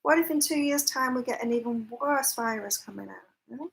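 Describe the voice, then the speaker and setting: A woman's voice: on the high side, moderate pace, creaky, fairly bright tone, a little hiss or hum, rough recording. A woman hosting a live psychic chat, talking casually with viewers, laughing often and reading out their comments. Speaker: psychic livestream host. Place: temporary lodging, staying away from home.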